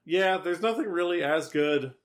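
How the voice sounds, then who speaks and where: A man's voice: high-pitched, normal speed. A man co-hosting a podcast in casual banter, with dry, offhand humor, reading out the show's plugs. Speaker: podcast co-host.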